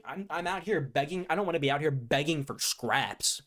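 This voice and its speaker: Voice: medium pitch, normal speed, few pauses. A card game content creator ranting casually to viewers, exasperated and sarcastic. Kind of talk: casual ranting playtest chat.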